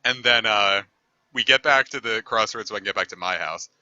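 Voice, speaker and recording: A man's voice: lowish voice, a little fast, bright, forceful tone, no room sound, muffled recording. A man streaming a game, telling a long story in a rambling, easygoing way and swearing casually. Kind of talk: casual storytelling over gameplay.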